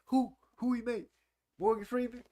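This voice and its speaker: A man's voice: very high-pitched, little pitch movement, normal speed, warm tone. A man in his forties hosting a casual live stream, chatting and teasing viewers about old movies. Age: 40s. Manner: playful, teasing, reads chat aloud.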